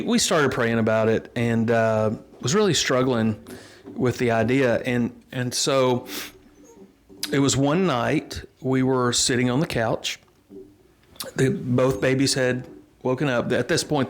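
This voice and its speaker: In a casual interview, a middle-aged pastor with a drawl tells his story slowly and earnestly, resuming after small restarts. His voice is plain and natural, at an ordinary male pitch.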